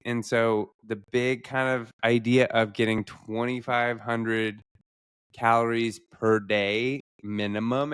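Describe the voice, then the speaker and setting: A man's voice: mid-range voice, a bit bright, clear, resonant tone. A young adult man, a doctor co-hosting a podcast, talking in an earnest, reflective, emotional way. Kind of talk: casual podcast chat.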